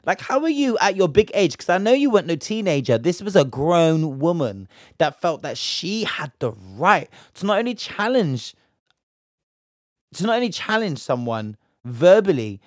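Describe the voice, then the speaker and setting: A man's voice: fairly high pitch, very animated, normal speed, no echo. Heated young british guy from bristol, slangy rant, dry close sound. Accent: British English. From Bristol, England. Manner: indignant, heated, slangy, emphatic. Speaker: commentator. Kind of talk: opinionated commentary rant.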